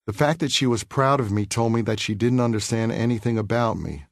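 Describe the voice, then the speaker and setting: A man from New York City reading his own memoir aloud for an audiobook, in a measured, earnest and reflective way. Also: mid-range voice, dry recording, studio quality.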